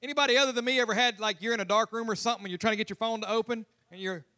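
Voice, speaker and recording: A man's voice: high voice, fairly even intonation, racing, sharp tone. A man preaching a humorous, conversational sermon as pastor in a church. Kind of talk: lively sermon. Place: church sanctuary.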